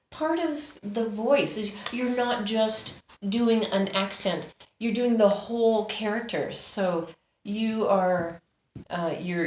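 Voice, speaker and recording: A woman audiobook narrator talking about her work in a lively, expressive way. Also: medium pitch. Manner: lively, expressive, acts out examples. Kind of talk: interview answers, casual. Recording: dull roomy recording.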